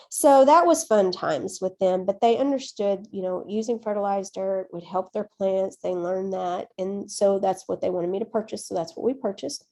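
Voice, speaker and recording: A woman teacher presenting at a conference, telling classroom stories in a chatty, folksy, expressive way. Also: mid-range voice. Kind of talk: animated classroom storytelling.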